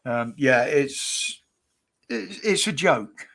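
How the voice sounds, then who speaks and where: A man's voice: fairly high pitch, expressive, drawn-out words, creaky, fairly bright tone. Cheeky rambling man hosting. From United Kingdom. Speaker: livestream host. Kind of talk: casual chat.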